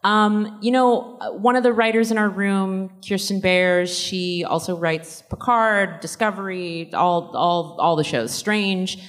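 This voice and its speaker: A woman's voice: mid-range voice, measured pace, hardly any pauses. A woman answering fan questions at a convention panel in a casual, rambling way, laughing often. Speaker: panel guest actor.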